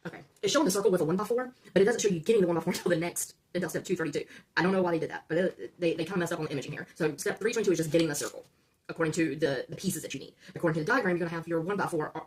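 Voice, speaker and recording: Hosting a casual LEGO build-along, a woman with a lowish, darkish voice guides viewers step by step at a rapid-fire pace. She keeps checking in with "okay?" and trips over numbers, then corrects herself, over a faint hiss or hum.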